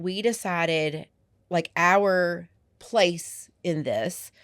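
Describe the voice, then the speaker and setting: A woman's voice: fairly low pitch, dry recording, clean studio sound. A woman with a slight lisp, co-hosting a podcast and telling a story in casual chat, quoting people as she goes. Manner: animated, quick retelling with quoted voices. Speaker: podcast co-host.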